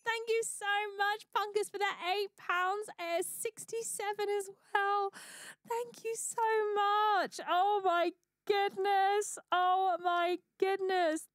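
A woman's voice: extremely high pitch, slow pace, fairly bright tone, no room sound. A woman hosting a charity livestream, gushing and effusive as she thanks viewers one by one. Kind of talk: live stream chat thanking donors.

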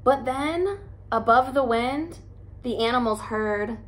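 A woman in her thirties reading a picture book aloud as a teacher, slow, gentle and expressive, pausing between phrases. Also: on the high side. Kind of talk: read-aloud storytelling.

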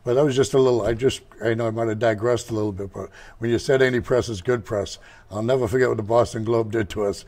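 An older motorcycle shop owner, appearing as an interview guest, tells rambling, digressive stories in a casual way. His mid-range voice is steady and darkish, and he talks fast.

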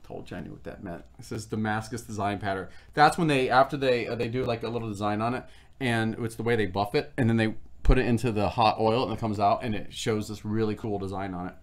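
A fast-talking man with a fairly low voice hosts a food review livestream where he tastes snacks. He rambles in casual chat and reads product labels aloud.

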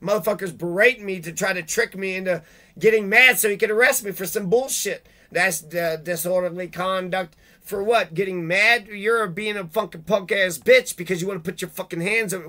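A man giving an angry monologue, swearing heavily and breaking into loud outbursts. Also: high-pitched, fairly quick. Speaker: video blogger reading legal rules. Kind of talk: profane ranting monologue.

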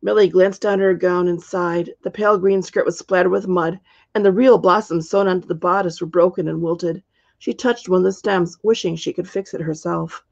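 A woman, the author, reading her storybook aloud in a steady, measured way, in a dull lo-fi recording. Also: fairly low pitch, vocal fry, no echo.

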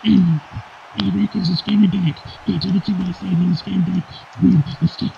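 A man with a fairly high voice calls wrestling play-by-play, breaking into sudden shouted outbursts. The recording sounds dull and lo-fi, with a faint hiss behind him. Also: steady tone, brisk, creaky. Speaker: wrestling commentator. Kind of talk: play-by-play commentary.

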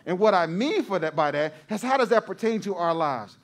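A man's voice: high-pitched, animated, a little fast. A male pastor preaching a sermon to his congregation, repeating phrases for emphasis and calling out to the crowd.

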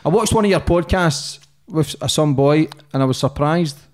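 A man from Glasgow with a Glaswegian accent, hosting a podcast interview in a relaxed, casual way with short questions and nods. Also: a little high, normal speed. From Glasgow, Scotland. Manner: relaxed, brief affirmations and questions. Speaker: podcast host.

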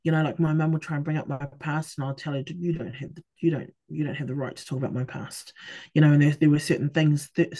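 Speaking in a low, dark-toned voice, this middle-aged podcast guest opens up about her personal story. She often stops and restarts, and she acts out conversations in quotes.

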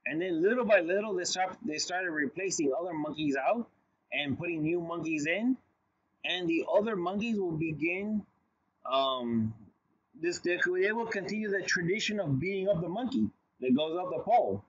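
A man lecturing with a somewhat husky, higher-than-average voice, talking off the cuff and breaking into stories. The recording is dull and lo-fi. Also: lively intonation, moderate pace. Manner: conversational, storytelling with asides and restarts.

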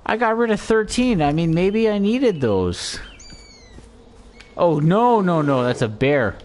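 A man's voice: sits high, sing-song, takes it slowly, darkish tone. A young man giving joking let's play commentary, talking casually to his viewers. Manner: chatty, joking asides to viewers. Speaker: gaming YouTuber.

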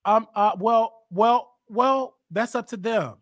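A man hosting a call-in talk show, teasing and confronting callers and often bursting into shouts. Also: very high-pitched, takes it slowly, dry recording, studio quality.

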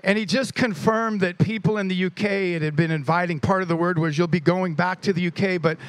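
A man pastor introducing a guest speaker to his church, telling a story with animated energy and praying over him. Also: sits high, fairly quick, dry recording.

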